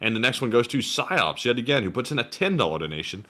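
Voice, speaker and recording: A male co-host with a bright voice at a middle pitch. He reads donor names and their messages aloud in a casual, friendly live-stream manner. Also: very animated, quick pace. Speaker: co-host reading donations.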